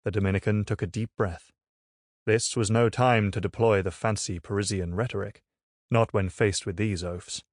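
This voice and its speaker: Low-voiced male audiobook narrator. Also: no room sound, studio quality. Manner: measured, even storytelling. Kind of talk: scripted narration. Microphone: studio microphone.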